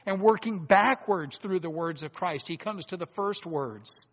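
Male preacher with a slightly raised voice, earnest and deliberate, loud emphasis and hushed asides, in a church hall with a long echo. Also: a little high. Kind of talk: sermon.

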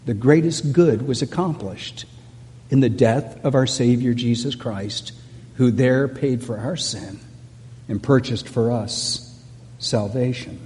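A man's voice: medium pitch, dark tone. A middle-aged man, preaching a sermon as pastor in an earnest, conversational way, often restarting his phrases. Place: church sanctuary. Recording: long hall reverb.

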